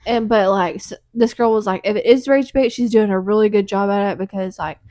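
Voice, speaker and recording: A woman co-hosting a casual chat podcast, relaxed and supportive, with frequent backchannel replies. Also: mid-range voice, fairly quick, no echo, studio quality. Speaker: podcast co-host.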